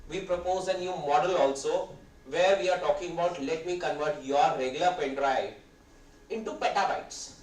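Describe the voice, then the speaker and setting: A man's voice: fairly high pitch, moderate pace. A man in his fifties with an Indian English accent, giving a rambling, hesitant guest lecture while nursing a sore throat. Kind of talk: conversational lecture. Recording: roomy hall, distant mic, faint ambience.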